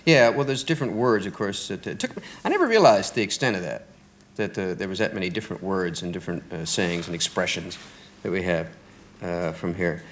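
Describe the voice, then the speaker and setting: A man's voice: low voice, a little fast. A middle-aged American man, a comedian guest, telling rambling wry anecdotes with hesitations on a talk show. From United States. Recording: noisy broadcast with studio audience.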